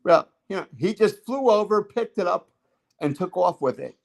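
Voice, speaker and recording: Rambling man, slightly high voice. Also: animated, moderate pace, gravelly, poor audio. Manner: rambling, many fillers and restarts. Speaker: guest telling stories. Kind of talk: casual livestream chat.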